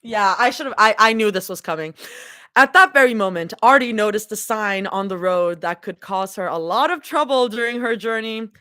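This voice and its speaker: A woman's voice: medium pitch, lively intonation, moderate pace, bright, forceful tone, no echo, studio quality. A woman doing a live reading of a fan story, breaking off for chatty, giggly asides. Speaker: livestream reader.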